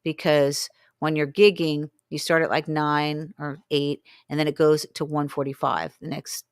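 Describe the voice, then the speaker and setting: A woman's voice: deep voice, a little slow, clean tone, no room sound, clean studio sound. A woman in her sixties, a guest in an interview, telling a long story and acting out what people said to her. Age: 60s. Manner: animated, acts out quoted dialogue. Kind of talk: storytelling in conversation.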